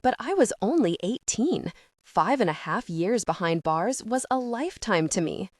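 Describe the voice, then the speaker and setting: A woman's voice: mid-range voice, very animated, moderate pace, dry recording. Woman narrating an audiobook in a dry booth. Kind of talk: first-person audiobook narration.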